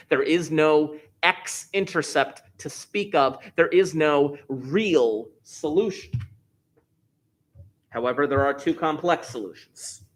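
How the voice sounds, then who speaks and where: A man's voice: fairly high pitch, a bit bright. A male math teacher walking a class through a problem step by step, repeating key points and stressing words for emphasis. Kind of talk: classroom lesson.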